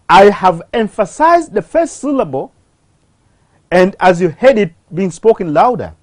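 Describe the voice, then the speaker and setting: A teacher giving a slow, deliberate televised English grammar lesson, posing questions to the class and answering them. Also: mid-range voice, very animated, dry recording.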